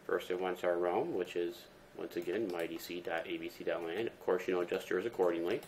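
A very low-voiced man narrates a screen-recorded tech tutorial, moving fairly quickly in a relaxed, easygoing manner. Each step comes with frequent ums and uhs. There's faint noise and keyboard typing in the background.

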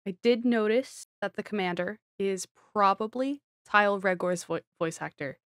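A woman giving casual commentary on a video game, excitable and rambling, with giggles and self-deprecating asides. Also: mid-range voice, normal speed, dry recording, studio quality. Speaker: gaming streamer.

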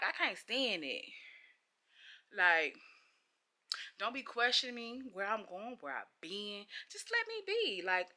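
A woman's voice: a little high, pushed and bright. A woman in her late thirties talking to her viewers in a casual vlog rant, blunt, exasperated and emphatic. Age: late 30s. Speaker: vlogger.

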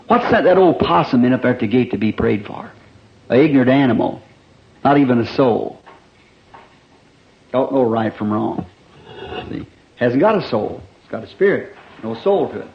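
A man preaching an old-time revival sermon, telling stories animatedly and swinging between loud emphasis and hushed asides, on a dull 1960s church recording. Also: mid-range voice, expressive, moderate pace, long pauses.

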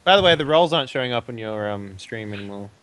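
A man playing in a tabletop game, chatting excitably, joking and swearing. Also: medium pitch, fast. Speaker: player. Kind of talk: casual tabletop game chat.

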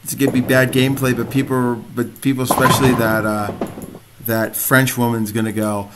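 A man's voice: mid-range voice, level tone, moderate pace. A young man commenting on his own gameplay, frustrated and self-mocking. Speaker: gamer. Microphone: desk mic. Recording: noisy home mic with clicks.

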